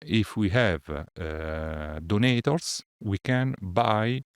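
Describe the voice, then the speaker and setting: Hesitant low-voiced man, dry sound. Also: very slow, clear, resonant tone, dry recording. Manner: hesitant, many fillers and restarts. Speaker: researcher. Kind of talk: halting conversational explanation.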